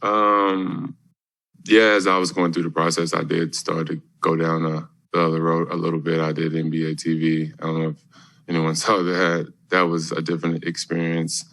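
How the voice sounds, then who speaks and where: A man in his thirties answering questions at a press conference in a laid-back, halting way with many fillers. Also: low voice, flat delivery, gravelly, fairly bright tone. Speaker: basketball player at press conference.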